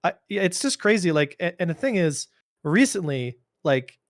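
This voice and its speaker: A man co-hosting a casual gaming podcast, telling stories in an animated, rambling way with many restarts. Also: a little high, moderate pace, no echo, clean studio sound. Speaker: podcast co-host.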